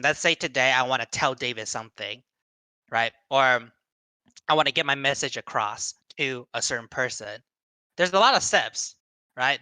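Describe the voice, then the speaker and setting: A man's voice: medium pitch, bright, forceful tone, clean tone, dry recording. A young man giving a casual seminar talk to young people, rambling with many fillers and restarts and acting out quoted voices. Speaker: seminar speaker.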